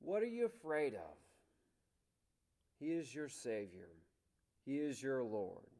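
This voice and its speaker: A man preaching a sermon with passion, moving between loud declarations and hushed, soft lines. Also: medium pitch, wildly swooping pitch, slow pace. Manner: impassioned, dramatic swings between loud and hushed. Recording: long hall reverb.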